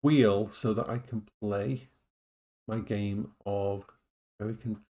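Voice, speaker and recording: A man chatting casually on a live stream from his home, often breaking into high baby talk for his dogs. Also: steady tone, takes it slowly, dark tone.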